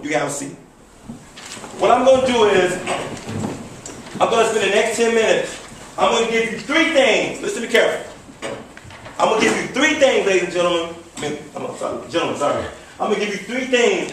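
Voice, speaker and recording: A man's voice: sits high, lively intonation, quick pace, fairly bright tone, slight background noise. A man giving a commanding motivational speech to an audience, leading call-and-response with lots of repetition. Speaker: motivational speaker. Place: large hall before an audience. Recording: echoey hall from far off.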